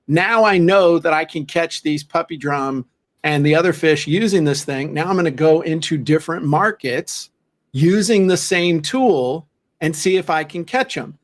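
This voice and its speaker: A man co-hosting a casual chat, telling stories with folksy asides. His voice sits a little high for a man, and his delivery is animated and lively. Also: measured pace. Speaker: podcast co-host.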